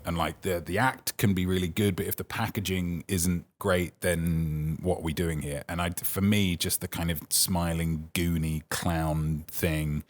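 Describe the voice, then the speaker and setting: A man's voice: deep voice, steady tone, unhurried, hardly any pauses. A British man chatting casually as a podcast co-host, hesitant and full of restarts, laughing often. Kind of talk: casual chat.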